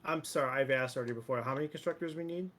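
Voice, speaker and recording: A male streamer in easygoing gaming chat, rambling and swearing casually. His voice sits at an ordinary middle pitch, with a faint hum of noise behind him. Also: rapid-fire. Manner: relaxed, rambling, swears freely. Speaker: streamer playing a game with a friend.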